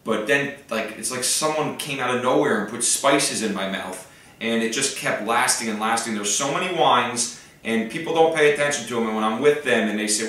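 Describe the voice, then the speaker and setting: An enthusiastic man talks through wine tasting in a loose, chatty way, with a bright, forceful tone. He sits back from the mic in a very echoey room. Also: mid-range voice, fairly quick, recorded from a distance. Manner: enthusiastic, chatty, filler-heavy. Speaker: wine host. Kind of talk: casual wine-tasting tutorial. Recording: roomy echo, off-mic.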